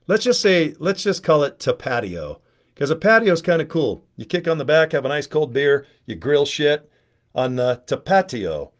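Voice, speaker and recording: A man's voice: fairly high pitch, very animated, normal speed. Rambling, crude middle-aged man on a webcam. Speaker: video host. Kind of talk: casual livestream chat. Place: at home, indoors.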